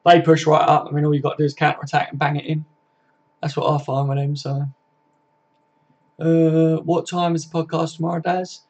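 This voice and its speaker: A young man chats loosely on a home live stream, swearing and calling everyone "mate". His voice sits a bit high and stays fairly flat in pitch. The audio is dull and lo-fi. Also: fairly quick. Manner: chatty, laddish, swears freely, says "mate" a lot. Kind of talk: casual live stream chat reading viewer comments.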